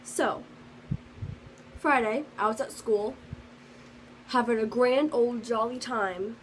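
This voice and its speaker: A woman's voice: on the high side, slow pace, a little hiss or hum, low-quality recording. A teenage girl telling a story in a casual vlog, rambling with lots of fillers and restarts. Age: teens. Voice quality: sensitive, earnest storytelling. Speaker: vlogger.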